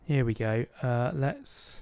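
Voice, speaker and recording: Casual British streamer, mid-range voice, narrating gameplay to a friend. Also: male voice, medium pitch, expressive, slow pace, darkish tone, clear, resonant tone. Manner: chatty, narrates his own actions. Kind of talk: casual gaming chat.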